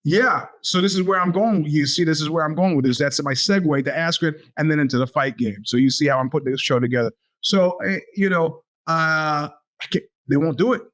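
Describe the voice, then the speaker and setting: A man's voice: on the high side, fairly quick. A man in his fifties hosting a podcast, telling a long rambling story and acting out the voices of the people in it. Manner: animated, acts out quoted voices. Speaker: podcast host. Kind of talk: storytelling monologue.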